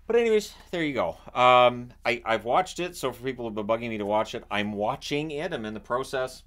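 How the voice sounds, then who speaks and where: A man from Canada chatting casually about a reality show he watches, animated and often restarting his sentences. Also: mid-range voice, fairly quick, hardly any pauses. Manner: animated, acts out quotes in raised voice; repeats and restarts words often. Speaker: vlogger. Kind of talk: casual chat.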